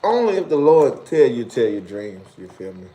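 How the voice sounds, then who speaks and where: A man with a mellow, sing-song delivery runs a laid-back live stream at a moderate pace, reading out viewer comments with slang and frequent laughter. His teasing sends his pitch up high in mock disbelief.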